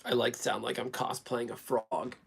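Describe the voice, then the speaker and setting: A man voicing a raspy-voiced chain-smoking woman, speaking in a slow, mocking drawl. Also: medium pitch, little pitch movement, a little hiss or hum. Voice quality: raspy smoker's croak.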